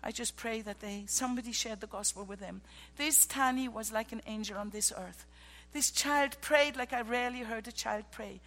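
A woman missionary preaching a sermon, telling heartfelt stories that drop to hushed tones and rise to ringing exclamations. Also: a little high, moderate pace, long reverb tail. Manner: emotional storytelling, swinging from hushed to ringing exclamations.

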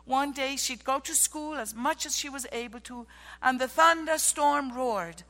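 A woman missionary gives a sermon in a high voice. Her heartfelt stories move between hushed tones and ringing exclamations. The sound is bright, and it trails into the long reverb of a large hall. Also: measured pace. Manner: emotional storytelling, swinging from hushed to ringing exclamations. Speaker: missionary preacher.

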